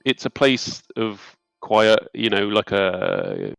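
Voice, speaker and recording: A man's voice: fairly low pitch, wildly swooping pitch, takes it slowly, vocal fry, fairly bright tone, no room sound, rough recording. A man narrating as game master, hesitant with many ums.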